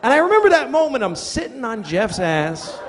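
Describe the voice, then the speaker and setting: A man's voice: very high voice, big pitch swings, a little fast, crowd noise. A middle-aged man performing stand-up comedy, telling crude, self-deprecating stories and acting out quotes. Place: comedy venue stage. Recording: reverberant hall with audience noise. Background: audience laughter.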